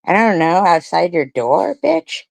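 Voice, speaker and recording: Low gravelly woman ranting, swearing, sarcastic, dry close sound. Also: lively intonation, a little slow, dry recording. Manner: profane, mocking and combative; sarcastic asides and rhetorical questions. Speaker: commentary streamer. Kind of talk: ranting commentary on comments read aloud.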